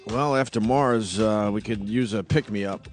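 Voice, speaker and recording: A man's voice: lowish voice, unhurried, soft background music. A middle-aged man hosting a radio talk show, blunt and wry, swearing casually, at a studio microphone.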